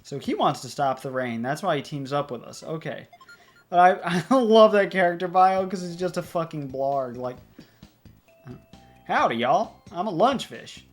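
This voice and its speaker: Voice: medium pitch, lively intonation, normal speed, soft background music. A let's play host casually commenting on a puzzle game. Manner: chatty, rambling.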